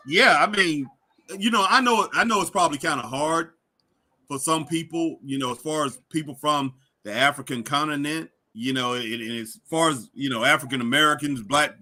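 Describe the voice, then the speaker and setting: A man's voice: mid-range voice, a little fast, sharp tone. A man co-hosting a wrestling livestream, calling the action and reading viewer comments with lots of laughing and fillers. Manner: chuckling, reads chat aloud, filler "uh" and "you know". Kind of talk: casual live watch-along chat.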